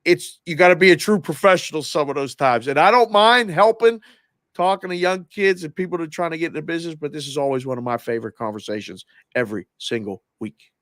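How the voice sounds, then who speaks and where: Animated storytelling man, dry close sound. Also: on the high side, fast, dry recording. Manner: animated storyteller, acts out the people he quotes. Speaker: guest, former oddsmaker. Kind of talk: casual sports-betting chat.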